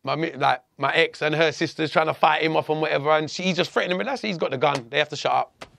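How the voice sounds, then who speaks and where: High, gravelly man telling stories. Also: fast, slight background noise. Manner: profane, animated, acts out quoted dialogue. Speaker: podcast guest. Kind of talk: casual storytelling.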